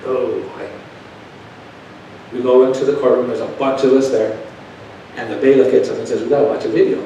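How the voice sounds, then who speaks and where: A man's voice: a little fast, dull audio. Man preaching in an echoey church. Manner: animated storytelling that swings from hushed to loud. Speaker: preacher giving a testimony. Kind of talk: sermon testimony. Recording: echoey church from a distant mic with background rumble.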